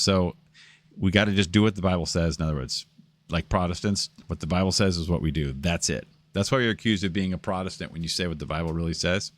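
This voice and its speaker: A man giving casual commentary on video clips as host. He talks in a halting, stop-start way and keeps pausing to find his place. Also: lowish voice, a bit bright, no echo.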